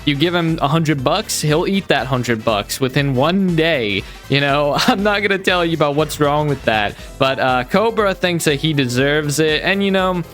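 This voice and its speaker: A man's voice: a little high, expressive, moderate pace, few pauses, fairly bright tone, faint music behind. A man hosting a reaction commentary, rambling along in a sarcastic, mock-admiring tone and calling his audience friends and folks. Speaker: commentary channel host.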